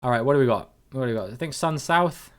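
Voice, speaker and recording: Chatty man with a smooth voice. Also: mid-range voice, lively intonation, fast talker, a bit bright. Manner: chatty and playful, greets viewers, swears casually. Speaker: streamer playing a geography guessing game with chat. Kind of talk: casual live-stream commentary.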